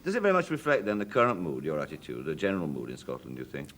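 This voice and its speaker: A man's voice: rumbling low, very animated, rapid-fire, fairly bright tone. A man hosting a chat show, asking questions with hesitant repeated words. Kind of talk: interview questions. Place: television studio. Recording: noisy 1970s television audio.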